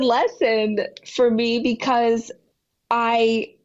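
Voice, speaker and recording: A woman guest on a podcast telling a personal story with animated delivery, acting out dialogue with big jumps in pitch. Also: unhurried, muffled recording. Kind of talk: candid storytelling in a podcast interview.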